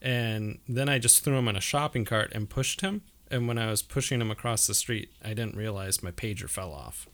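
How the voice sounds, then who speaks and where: A podcast co-host chats about rewatching a movie, an animated yet easygoing storyteller. The voice is mid-range at a normal speed with hardly any pauses.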